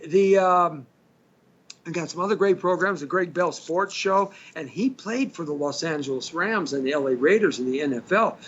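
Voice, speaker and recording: Older guy radio host rambling along, kinda high voice, dull lo-fi sound w a bit of hiss. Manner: rambling, chatty, jokey asides. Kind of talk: casual radio monologue. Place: radio studio. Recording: slightly dull lo-fi stream with faint hiss.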